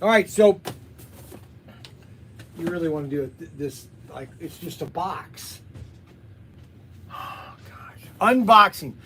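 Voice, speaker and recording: A man hosting a live unboxing stream, excitable and constantly exclaiming in surprise. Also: fairly high pitch, takes it slowly, long pauses, slight background noise. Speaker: livestream host unboxing toy car samples. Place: indoor workplace.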